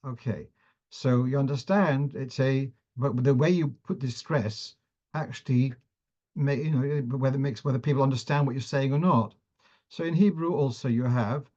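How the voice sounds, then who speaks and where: A man's voice: medium pitch, a little mellow, muffled recording. A man teaching a class on the cantillation of Torah readings, who often restarts phrases as he explains and sometimes chants verses.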